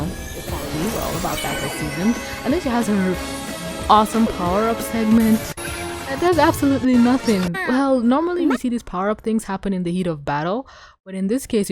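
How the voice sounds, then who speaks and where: Excitable woman reviewing a cartoon. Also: mid-range voice, fairly quick, music in the background. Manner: excitable, swears, gushes and acts out quotes. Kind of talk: casual commentary.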